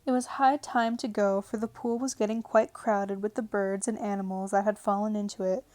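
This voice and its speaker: A woman narrating a storybook aloud in a calm, even read-aloud manner. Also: medium pitch, normal speed, no echo. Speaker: audiobook narrator. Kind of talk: storybook reading. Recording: dry home recording. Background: faint television sound.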